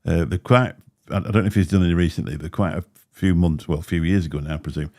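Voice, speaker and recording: Man, very low pitch, slight lisp, rambling chatty host. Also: fast, a little mellow. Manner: rambling, chatty, laughs often. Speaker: livestream host. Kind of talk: casual chat. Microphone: desk microphone.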